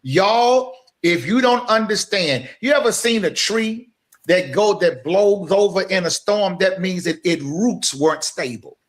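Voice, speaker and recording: An adult man co-hosts a talk podcast, his high-pitched voice full of lively intonation and a little slow. He speaks with impassioned, preacher-like emphasis, addressing listeners directly.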